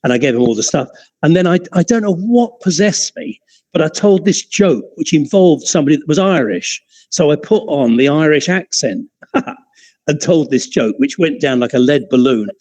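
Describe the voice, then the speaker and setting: A man's voice: on the high side, expressive, moderate pace, warm tone, poor audio. A man teaching an optics class in an informal, chatty way, often digressing and restarting his sentences. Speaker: optics lecturer.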